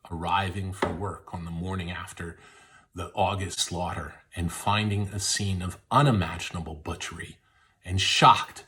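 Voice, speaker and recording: A man, a literary scholar, giving a scripted, dramatic narration that often drops to a hush. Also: fairly low pitch. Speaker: literary scholar and podcast contributor.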